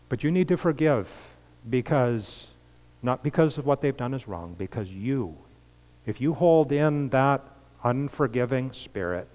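A man's voice: mid-range voice, animated, unhurried. Earnest male pastor in a reverberant hall. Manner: earnest, with rising emphatic peaks and soft drops. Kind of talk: sermon. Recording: long reverb of a large hall.

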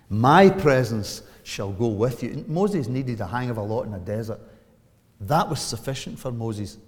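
A man in his seventies preaching a sermon, animated and emphatic, asking rhetorical questions and building to loud peaks. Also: medium pitch, brisk. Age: 70s. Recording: long hall reverb.

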